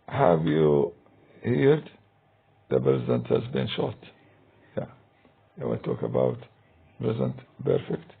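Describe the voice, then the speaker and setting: A man teaching English grammar in a recorded lesson, talking slowly and hesitantly with many fillers, with a deep gravelly husky voice. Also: sing-song. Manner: slow, hesitant, many "uh" and "I mean". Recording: tinny phone-like recording.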